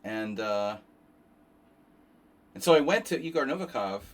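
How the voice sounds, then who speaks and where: A man's voice: medium pitch, very animated, measured pace, a little hiss or hum. A tired man chatting casually on a chess stream, rambling and cursing, with many restarts.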